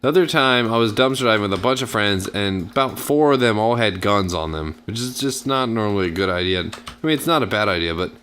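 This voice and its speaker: A man's voice: fairly low pitch, expressive, fairly quick, hardly any pauses, a bit bright, a little hiss or hum. A man casually telling a long, rambling story over gameplay, full of fillers, acting out what people said. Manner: rambling, filler-heavy, acts out quotes. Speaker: gaming channel host.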